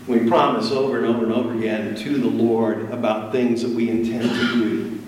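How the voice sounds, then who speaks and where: A man's voice: medium pitch, little pitch movement, a little fast, noisy background. A man preaching a sermon as pastor, building intensity with repetition. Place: church sanctuary. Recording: echoey room from far off.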